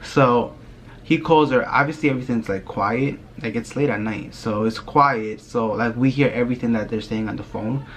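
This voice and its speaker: A young man vlogger telling a spooky story in a casual, rambling way, often dropping his voice low and filling with "like". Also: normal speed, a little hiss or hum. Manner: rambling, hushed telling with many "like" fillers.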